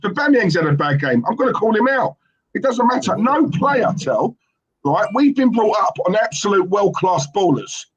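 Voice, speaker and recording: A man hosts a football fan stream and argues his point hard. His voice sits high and swings widely. It has a slightly husky edge. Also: big pitch swings, normal speed, rough recording. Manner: emphatic, keeps asking "right?". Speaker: fan show host. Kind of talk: casual football fan chat.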